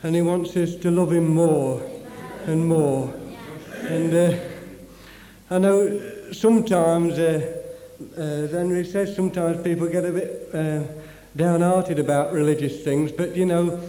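A man's voice: a little high, steady tone, a little slow, mellow. A man giving a cheerful, chatty testimony at a church meeting. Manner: jovial, chatty, laughing. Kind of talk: personal testimony. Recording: echoey hall with long reverb, crowd.

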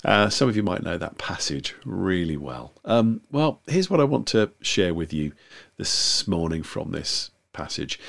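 A man preaches a sermon to an online audience, chatting more than declaiming, with plenty of fillers. His voice sits fairly low but moves a great deal, and it often drops into a gravelly creak. He stays conversational throughout. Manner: conversational, animated delivery with frequent fillers. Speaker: guest preacher. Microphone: video recording for online viewers.

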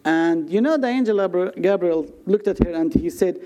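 A man from Nazareth, speaking halting as a guest speaker giving his testimony and jokes in church. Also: high-pitched, mellow. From Nazareth, Israel. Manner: non-native English, joking storyteller with pauses. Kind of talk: testimony and humorous sermon in church.

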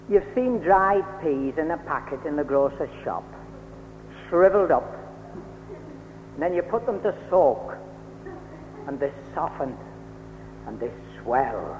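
A man's voice: on the high side, big pitch swings, takes it slowly, pauses often, slight background noise. A man preaching a fervent, emphatic sermon in a church meeting hall. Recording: old lo-fi radio recording, echoey hall.

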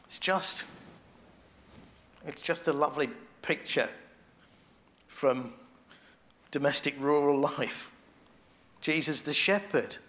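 A man preaching a sermon in a conversational way, restarting phrases as he thinks aloud and growing quiet and intimate on devotional points. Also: a little high, slow, long pauses.

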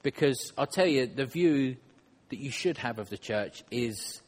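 A man delivering a sermon in church at an everyday middle pitch. He keeps it conversational and self-deprecating, often turning to put questions to the people listening. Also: animated, unhurried, big-room sound. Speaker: preacher.

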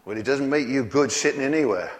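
In a large hall where long reverb follows his words, a preacher delivers a sermon with a chuckling, homely manner and rhetorical questions for the audience. He talks fast, at an ordinary pitch for a man.

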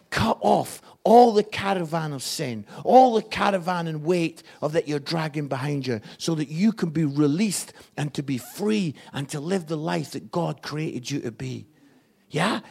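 A Scottish man preaching an evangelistic sermon, energetic and jokey with loud outbursts. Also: high-pitched, vocal fry, slightly rough. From Scotland.

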